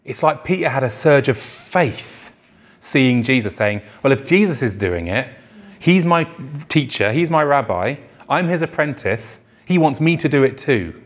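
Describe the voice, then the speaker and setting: A man's voice: medium pitch, expressive, measured pace. Man preaching a conversational sermon. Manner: conversational preaching, acts out quoted voices. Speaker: pastor. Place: church.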